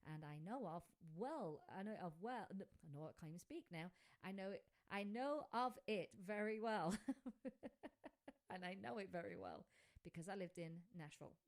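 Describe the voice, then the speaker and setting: A woman's voice: low-pitched, dark tone. A woman hosting a radio show in casual, chatty talk with many fillers, speaking into a desk microphone. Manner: chatty, rambling, with frequent fillers.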